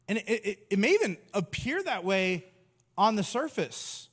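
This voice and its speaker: A man's voice: high-pitched, big pitch swings, a little slow, fairly bright tone. A man in his thirties preaching a humorous sermon as pastor, acting out little voices and jokes as he goes. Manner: humorous, acts out voices of people and Jesus. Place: large church hall. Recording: long hall reverb.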